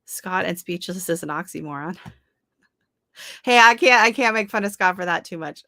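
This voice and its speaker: Woman, livestream host, chatty, laughs a lot, reads out chat, bright forceful voice, dry close sound. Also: lowish voice, animated, moderate pace, dry recording. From Canada. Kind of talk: casual livestream chat with viewers.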